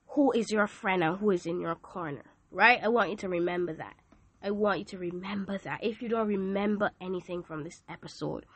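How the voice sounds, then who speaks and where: A woman's voice: mid-range voice, fairly bright tone, no room sound. A woman hosting a podcast, giving an emphatic, preachy devotional talk with joking asides. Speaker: podcast host.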